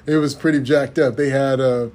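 A man co-hosting a casual podcast about movies, animated, laughing often and repeating himself as he talks. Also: medium pitch, normal speed. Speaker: podcast co-host.

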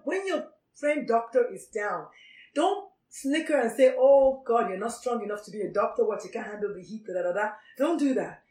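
A woman's voice: fairly high pitch, darkish tone, echoey room, recorded from a distance, poor audio. A woman gives an emphatic, preachy talk to doctors and repeats her key phrases. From Nigeria. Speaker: physician speaker on doctor suicide. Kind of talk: motivational talk.

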